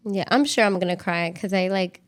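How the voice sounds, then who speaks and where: A woman's voice: lowish voice, a little fast. A young woman co-hosting a podcast, chatting casually with her partner in a rambling way full of "like". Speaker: podcast co-host.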